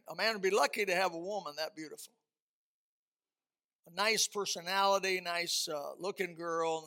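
Preacher guy telling a story in a sermon, pretty high sharp voice, repeats stuff for emphasis. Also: clear, resonant tone. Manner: emphatic, repeats words for stress, swells louder at key points.

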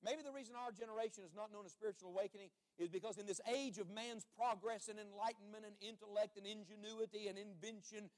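High-pitched guy preaching hard, lots of rhetorical questions, gets loud then goes real quiet, makes the crowd repeat after him. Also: steady tone, fast talker, few pauses. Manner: impassioned preaching, swinging from loud to hushed; rhetorical questions, calls for congregation response. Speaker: traveling evangelist preacher. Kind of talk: sermon.

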